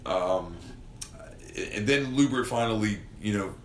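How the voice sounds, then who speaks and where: A man in his thirties co-hosting a casual podcast, excitable and swearing, with many fillers. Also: on the low side, unhurried, slight background noise. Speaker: podcast co-host. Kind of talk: casual chat. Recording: echoey room, faint ambience.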